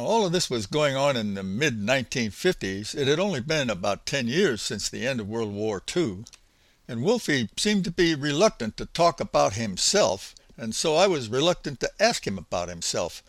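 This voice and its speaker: A man's voice: mid-range voice, sing-song, fairly bright tone, dry recording. Older man telling a folksy memoir. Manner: unhurried, folksy, reflective. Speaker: storyteller. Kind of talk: spoken memoir narration.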